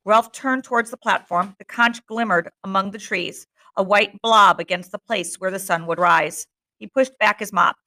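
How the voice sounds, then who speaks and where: A woman reading a novel aloud in a steady, plain narrating manner, now and then stopping to comment. Her voice is bright and clear-edged, at a middle pitch. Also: normal speed. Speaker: reader.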